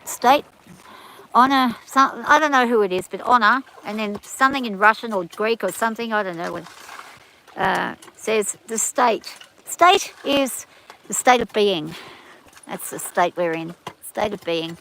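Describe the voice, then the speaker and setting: A woman's voice: mid-range voice, measured pace, fairly bright tone, a little hiss or hum, rough recording. A woman with a rural Australian accent, hosting a live stream outdoors and chatting casually as she reads viewer comments aloud and answers them. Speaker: livestream host reading chat.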